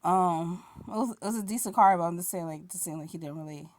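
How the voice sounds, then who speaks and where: A woman's voice: on the low side, fast talker, no room sound. A woman vlogger telling a casual story, rambling with many fillers and restarts and yawning now and then. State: yawning, a little sleepy.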